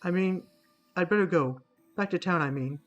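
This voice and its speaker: A man's voice: sits high, moderate pace, lo-fi sound, faint music behind, close to an everyday voice. A man voicing a timid young girl bug. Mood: flustered. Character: shy naive young female bug, timid and lonely.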